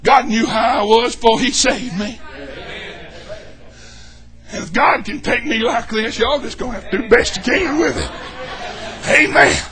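A man preaching a fervent, folksy sermon in a church, shouting and whooping as he jokes with the congregation. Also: very high voice, moderate pace, pauses often. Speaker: pastor.

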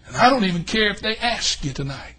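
An older preacher with a very high, husky voice delivers a folksy church sermon. His tone is bright and edgy, and he swings from hollering to near-whispers. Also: expressive, a little fast. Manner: folksy, swings from shouting to hushed.

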